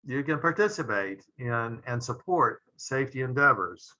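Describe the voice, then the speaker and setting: Bright-voiced man giving a medical lecture. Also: mid-range voice, animated, low-quality recording. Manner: measured, frequent "uh" fillers, trailing off at phrase ends. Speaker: pediatric intensivist lecturer.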